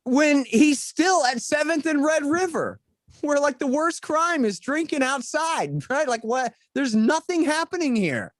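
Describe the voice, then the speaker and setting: A man's voice: very high voice, expressive, measured pace, no echo, studio quality. A man, a podcast guest, ranting sarcastically in a casual chat.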